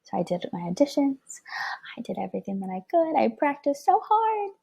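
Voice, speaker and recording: A young woman guest telling a personal story in a lively way, acting out the voices of people she quotes. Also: high voice, a little fast, gravelly. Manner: lively, acts out quoted dialogue.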